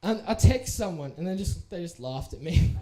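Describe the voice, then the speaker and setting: Animated young Australian man telling a story. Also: high voice, normal speed. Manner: animated, playful, acts out the people in his story. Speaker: youth speaker. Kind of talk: storytelling talk to a youth group.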